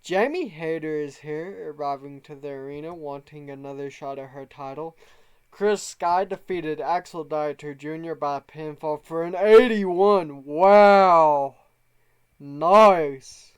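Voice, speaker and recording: A man's voice: a little high, moderate pace, a little mellow, smooth. A man casually narrating his wrestling management game, reading out the promos and rating each segment. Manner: reads out promo quotes in a slightly raised voice, rates segments.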